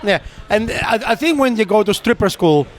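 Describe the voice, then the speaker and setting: A man with a notably high voice recounts a night out in relaxed podcast chat. He tells the story with energy, slips into the other people's lines as he goes, and laughs easily along the way. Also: moderate pace. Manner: animated storyteller, acting out quoted voices, laughing often. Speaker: podcast co-host. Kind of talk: casual chat.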